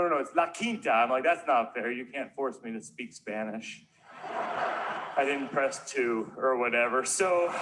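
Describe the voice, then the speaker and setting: A man with a high voice tells a stand-up comedy story in a rambling, wandering way. Now and then he breaks into sudden shouted yelps, and the set plays back as a clip of a comedy routine.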